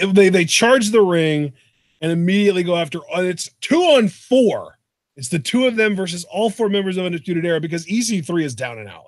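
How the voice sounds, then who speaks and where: A man co-hosting a show in casual chat, excitable and swearing freely. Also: a little high, no echo, clean studio sound. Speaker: podcast co-host.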